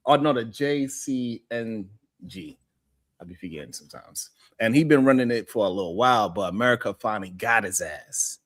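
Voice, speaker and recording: A man's voice: lowish voice, lively intonation, fast, hardly any pauses, fairly bright tone. A man hosting a live stream, chatting loosely with his co-host, swearing and joking. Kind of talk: casual chat.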